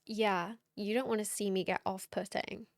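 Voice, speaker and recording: A woman's voice: mid-range voice, steady tone, normal speed, creaky, no echo, clean studio sound. A woman streamer chatting casually and playfully with her viewers late at night, teasing and laughing often.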